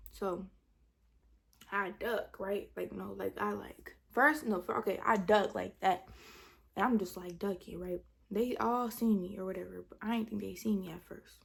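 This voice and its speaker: A woman's voice: medium pitch, vocal fry, breathy edge. A young woman, telling a storytime in casual chat, retelling with dramatic quotes and whispered asides. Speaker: vlogger.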